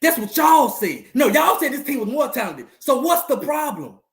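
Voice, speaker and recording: A man hosting a live sports stream, loudly gloating and trash-talking, repeating his jabs and breaking into laughs and whoops. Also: very high voice, big pitch swings, normal speed, gravelly, roomy sound.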